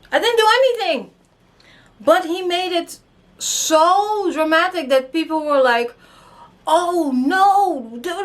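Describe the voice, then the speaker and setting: Young woman vlogger, high pitched, animated storyteller who acts out dialogue. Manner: animated, acts out quotes, swears, laughs. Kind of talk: casual storytime chat.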